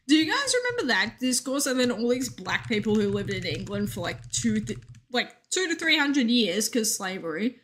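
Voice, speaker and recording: A woman's voice: on the high side, sing-song, moderate pace, fairly bright tone. An Australian woman streaming a game, chatting casually in a jokey, rambling way and answering her chat.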